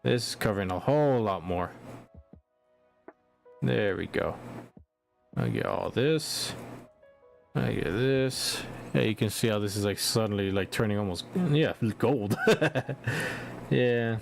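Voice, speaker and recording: A man's voice: on the low side, measured pace, gravelly, long pauses, soft background music. A man hosting a casual painting livestream, chatty and encouraging, making little sound effects as he works. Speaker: livestream host painting miniatures.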